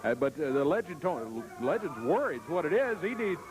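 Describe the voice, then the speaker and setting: A man hosts a televised wrestling segment, interviewing guests and calling the action excitedly. His fairly high voice swoops up and down as he talks, with plenty of fillers. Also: fairly quick, over music, rough recording.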